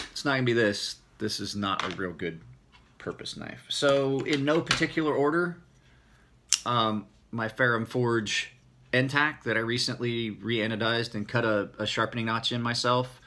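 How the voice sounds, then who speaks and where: A man's voice: fairly low pitch, slight background noise. A middle-aged man with a rural American country accent, rambling casually through viewer questions. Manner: rambling, relaxed, self-correcting. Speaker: knife maker answering viewer questions. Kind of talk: casual Q&A video.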